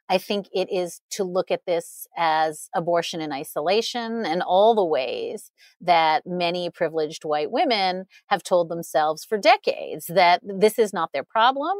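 A woman's voice: lowish voice, expressive, moderate pace, no room sound. A woman guest on an interview, speaking earnestly and articulately with frequent "you know" fillers and short laughs. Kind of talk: conversational analysis.

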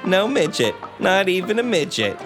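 A man's voice: high-pitched, sing-song, normal speed, music in the background, pitched above the performer's own voice. A man voicing a drunk, lonely young woman in a bar, reading her lines in a raised, plaintive voice. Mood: drunk, forlorn.

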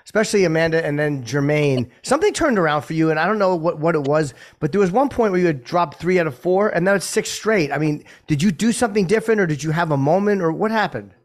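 A man's voice: fairly high pitch, expressive, fast, hardly any pauses. A man co-hosting a podcast, wry and mock-complaining in casual banter. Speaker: co-host.

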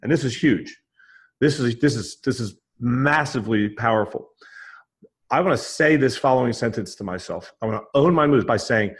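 A man with a medium-pitched voice talks at a moderate pace, explaining a mindset method in an emphatic, conversational way. He is repetitive, acts out his own inner voice in quotes, and often restarts his sentences while checking in with "right?"

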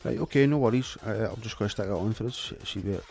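A Scottish man hosting a radio show, reading listener texts in deadpan, sweary comic patter. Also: lowish voice, fast talker, gravelly.

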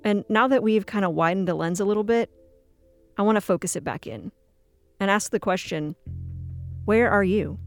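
A narrator reading a scripted devotional segment in a calm, reflective, inviting way. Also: medium pitch, normal speed, pauses often, dry recording, faint music behind. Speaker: program narrator.

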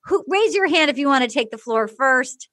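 A woman's voice: high voice, lively intonation, normal speed, fairly bright tone, slight background noise. A woman hosting a comedy podcast, recapping a show and acting out the people she quotes.

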